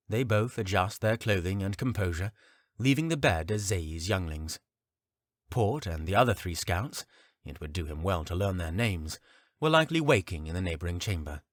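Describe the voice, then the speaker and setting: A man narrating a fantasy audiobook in a steady storytelling manner. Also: sits low, normal speed, dry recording, studio quality.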